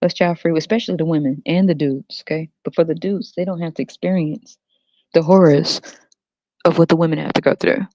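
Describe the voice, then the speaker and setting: A woman's voice: low-pitched, fairly even intonation, brisk, warm tone, no room sound. A woman hosting a podcast, ranting crudely and profanely to her viewers and breaking into laughter often. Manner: addresses viewers directly. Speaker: podcast host. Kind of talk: solo ranting monologue. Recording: dull dry lo-fi recording.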